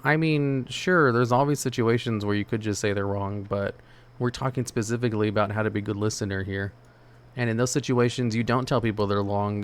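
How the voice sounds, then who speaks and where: A man's voice: on the low side, clean tone. Laid-back rambling male streamer. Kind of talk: casual chat while gaming, answering chat.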